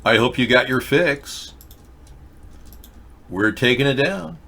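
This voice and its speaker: A man hosting a political talk show, ranting in a rambling monologue, lurching from loud high outbursts to low mutters. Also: animated, slow pace, gravelly, a little hiss or hum. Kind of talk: rambling live-stream monologue.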